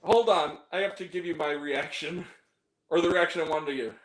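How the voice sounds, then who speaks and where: A man co-hosting a casual podcast chat about movies, animated, swearing freely and breaking into laughter and exaggerated reactions. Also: fairly high pitch, fairly quick, reverberant, rough recording. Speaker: podcast co-host.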